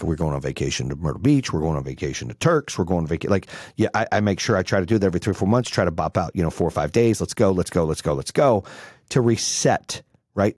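Man, 40s, business coach, profane and blunt, slightly low and husky, dry close sound. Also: darkish tone, no room sound. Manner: brash, blunt and swearing. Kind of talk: profane motivational talk.

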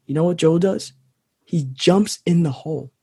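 A man's voice: a little high, moderate pace, mellow, husky. A man co-hosting a podcast, casually chatting and telling a parable, acting out the characters' voices. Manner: storytelling, acts out voices in a parable. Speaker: podcast co-host.

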